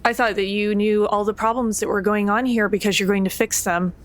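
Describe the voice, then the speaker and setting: A woman's voice: mid-range voice, steady tone, brisk, natural voice. A woman voicing a resentful, defiant female vampire who openly challenges the group's leaders. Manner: challenging, sarcastic.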